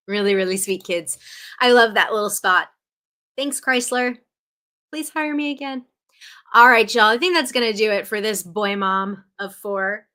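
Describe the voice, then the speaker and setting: A young woman hosts a casual livestream from home, telling stories in a chatty, animated way with playful mock outrage. Her voice sits in a middle pitch and has a bright, forward edge. She comes from New Jersey. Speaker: livestream host. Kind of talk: casual chat.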